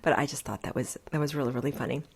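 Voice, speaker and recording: Low-voiced chatty American woman vlogger. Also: very fast, creaky, husky. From United States. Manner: chatty, laughing, frequent restarts. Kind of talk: casual chat to camera. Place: at home on the couch with coffee.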